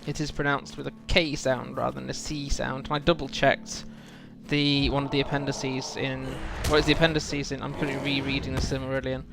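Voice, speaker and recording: While streaming a game, a man chats casually and rambles musingly about the lore, using lots of fillers. His medium-pitched voice is gravelly with little pitch movement, he talks a little fast, and music plays in the background.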